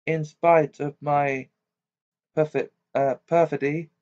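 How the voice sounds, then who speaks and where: A man's voice: a little high, flat delivery, slow, darkish tone, pitched above the performer's own voice. A man reading the lines of a proud, bitter female ghost in an amateur audiobook, with a stiff, clipped delivery. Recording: dull lo-fi recording.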